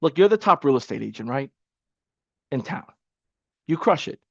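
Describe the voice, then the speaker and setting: A man coaching an online class in a casual, energetic, motivational way, repeating himself for emphasis. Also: mid-range voice, moderate pace, gravelly, no echo, dull audio. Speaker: webinar coach. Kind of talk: live online training.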